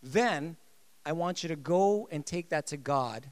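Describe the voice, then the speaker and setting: A man preaching a sermon, emphatic and lively, repeating his key phrases. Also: a little high, measured pace, smooth. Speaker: pastor.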